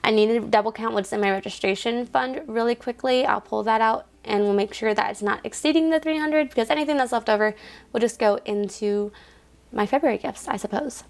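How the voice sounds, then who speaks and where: A young woman with a slightly high voice talks casually to her phone camera at home. She rambles with plenty of "like" fillers and counts bills out loud. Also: a little fast, gravelly. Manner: chatty, lots of "like" fillers, counts cash aloud. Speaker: vlogger.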